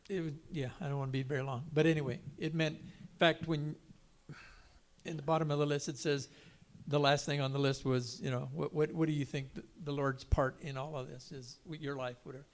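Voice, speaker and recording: An older man giving an earnest personal testimony on a panel, halting and restarting as he speaks. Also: a little high, fairly even intonation. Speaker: panel guest.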